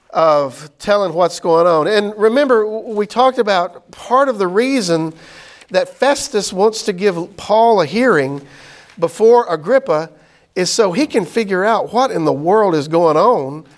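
A man teaching a Bible class in a casual way, reading passages and paraphrasing them in everyday slang. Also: high voice. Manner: conversational, many fillers and paraphrases in plain slang.

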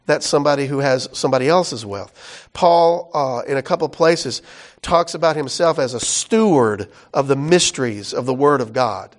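A male pastor giving a conversational sermon in a folksy, animated way, with exclamations and asides. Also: mid-range voice, moderate pace.

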